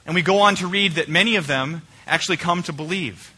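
A male pastor preaching a conversational sermon in a church, swinging between emphatic points and quiet, searching questions. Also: on the high side, brisk, hardly any pauses, husky. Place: church sanctuary.

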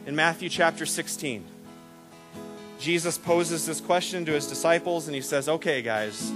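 A man preaching a sermon as a pastor, animated and repetitive when excited, acting out the voices in his stories. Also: fairly high pitch, normal speed, over music. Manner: animated storytelling, acts out quoted voices; repeats words and restarts when excited.

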